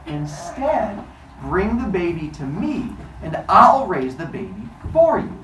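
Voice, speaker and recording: A woman's voice: medium pitch, sing-song, slow pace, a bit bright, recorded from a distance, pitched above the performer's own voice. A woman voicing a knowing old earth mother goddess, wry and confiding. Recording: echoey room, noisy.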